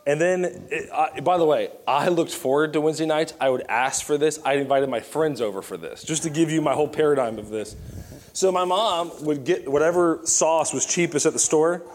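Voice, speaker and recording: Young male pastor, lively self-mocking storyteller, voice a bit high. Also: fairly quick. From Virginia. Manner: animated and self-mocking, with props. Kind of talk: sermon with storytelling.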